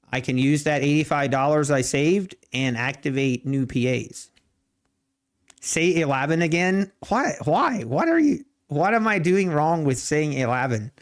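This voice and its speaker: A man's voice: medium pitch, smooth. A man hosting a casual trading livestream, rambling and correcting himself, then playfully defending his speech to chat. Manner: slow, rambling, self-correcting.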